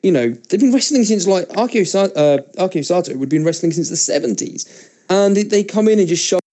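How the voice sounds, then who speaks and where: Male podcast co-host, mellow dark tone, opinionated and casual. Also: high voice, animated, a little fast.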